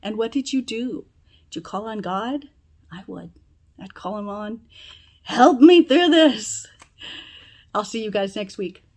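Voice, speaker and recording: A woman's voice: mid-range voice, normal speed. A woman wrapping up a children's church lesson in an encouraging, emphatic manner. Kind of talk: kids' lesson wrap-up.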